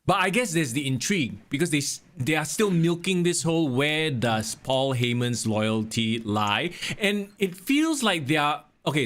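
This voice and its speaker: A man hosting a casual wrestling podcast, talking in an animated way with swearing and sudden exclamations. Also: on the high side. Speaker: podcast host.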